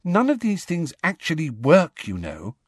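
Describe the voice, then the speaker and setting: A man's voice: a little high, wildly swooping pitch, slightly rough, no echo, clean studio sound, pitched above the performer's own voice, full character voice. A man doing a bossy clever schoolgirl. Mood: stern. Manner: brisk, clipped, scolding. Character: bossy clever teenage schoolgirl, sharp-tongued.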